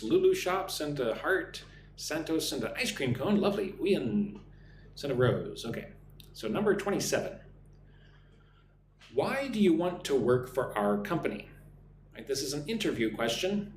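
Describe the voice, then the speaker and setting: A man from the United States teaching an English lesson on a live stream, speaking slowly and clearly for learners. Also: on the high side, sing-song, reverberant, a little hiss or hum. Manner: slow, clear drill phrasing for learners.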